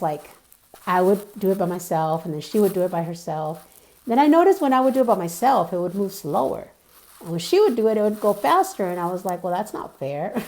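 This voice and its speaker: A woman's voice: mid-range voice, a little mellow. A woman vlogger telling a personal story in a chatty way, full of fillers and asides, and earnestly insisting it is true. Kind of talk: casual storytelling.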